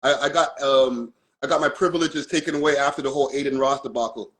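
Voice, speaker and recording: A man's voice: mid-range voice, fairly even intonation, quick pace, a bit bright. A man with a Toronto accent, a guest on a casual live-stream chat, talking in a laid-back, slangy way. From Canada.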